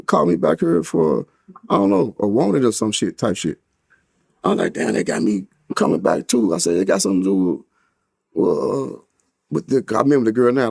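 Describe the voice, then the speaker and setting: A man's voice: mid-range voice, vocal fry, dry recording, studio quality. A man casually telling a jail story, acting out the dialogue in a raised voice. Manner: animated, acts out dialogue in a raised voice, heavy cursing.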